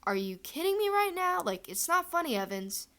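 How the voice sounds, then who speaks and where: A woman voicing a flustered, excitable teenage boy wizard, with a squeaky voice that jumps up into shrill excitement. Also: measured pace, breathy edge, exaggerated voice. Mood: disbelieving.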